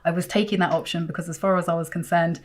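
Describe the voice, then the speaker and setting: A woman vlogging, telling a personal story to camera with emphatic, animated delivery and sudden leaps in pitch. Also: fast.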